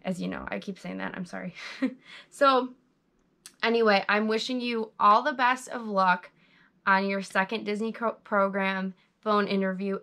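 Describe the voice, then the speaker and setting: A woman's voice: fairly high pitch, a bit bright. A young woman giving chatty, bubbly interview tips to her viewers, recorded on a GoPro camera. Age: young adult. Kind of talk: casual tips vlog.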